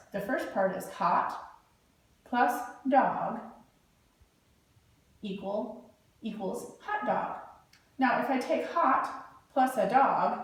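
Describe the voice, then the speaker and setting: A woman teaching young children to read, speaking slowly and patiently as she sounds out parts of words. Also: medium pitch, distant mic. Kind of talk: early reading lesson for children. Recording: echoey room, voice from afar.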